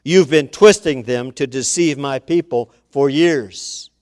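A man's voice: medium pitch, slow, darkish tone, close to an everyday voice. A man voicing God the Father as a stern, commanding male figure who lays down the rules in a dramatic sermon poem. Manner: majestic, laying down the rules.

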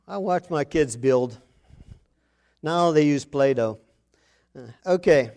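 Male pastor, high voice, folksy humorous sermon, chuckles between lines. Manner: chuckles often, storytelling, loud punchy emphasis.

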